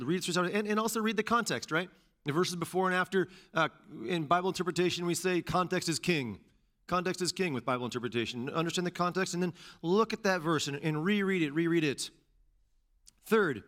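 A pastor delivering a sermon with animated, conversational delivery, repeating phrases for emphasis and dropping in casual asides. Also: male voice, on the high side.

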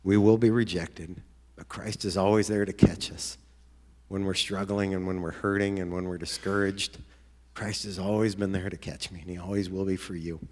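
A man preaches a sermon earnestly and conversationally, now and then breaking into excited outbursts. His voice sits low, and he speaks at normal speed.

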